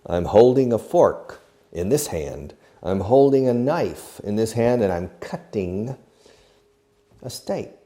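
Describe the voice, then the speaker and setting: Gravelly, slow-talking male English teacher. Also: fairly low pitch, dark tone. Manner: acts out each verb while explaining, mixes in Spanish glosses. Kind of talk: slow demonstrative language lesson.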